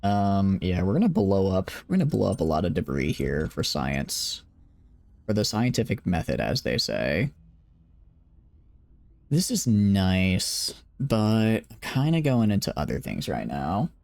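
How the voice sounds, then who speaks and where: A man's voice: deep voice, big pitch swings, a little slow, creaky, darkish tone. A tired young man casually commenting on his game during a late-night live stream, rambling and joking at his own expense. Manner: rambling, joking, self-deprecating.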